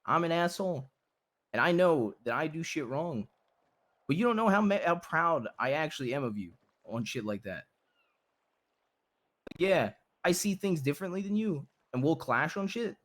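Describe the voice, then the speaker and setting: A man playing a blunt, devoted husband who pleads earnestly and repeats himself as he comforts his wife in a game role-play. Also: a little high.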